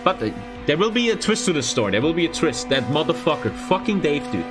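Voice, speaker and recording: A young man, a streamer, telling a story in casual, profane, expressive chat. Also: fairly high pitch, quick pace, over music. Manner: profane, expressive, frequent swearing.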